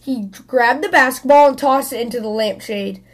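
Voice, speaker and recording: A woman hosting a children's story podcast, reading a picture book aloud in a lively, expressive way. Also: sits high, moderate pace.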